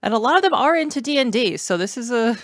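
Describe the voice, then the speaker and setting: A woman co-hosting a casual podcast, sarcastic and quick to laugh. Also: fairly high pitch, expressive, no echo, studio quality. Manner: giggly, sarcastic. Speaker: podcast co-host. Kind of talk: casual chat.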